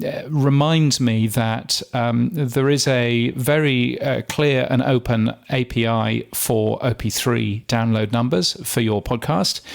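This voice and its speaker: A man's voice: mid-range voice, gravelly. A man co-hosting a podcast, talking casually with plenty of ums and uhs. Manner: chatty, many ums and uhs. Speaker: podcast co-host.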